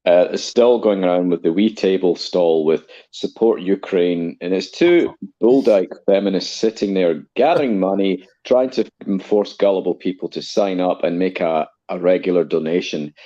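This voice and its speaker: Man, Scottish accent, scornful, casual chat, dark tone. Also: deep voice, normal speed, few pauses, muffled recording. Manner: blunt, scornful storytelling.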